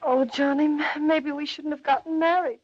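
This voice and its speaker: An actress playing a sweet, eager young bride in a 1930s film. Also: female voice, high voice, steady tone, normal speed, lo-fi sound, soft background music. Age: young adult.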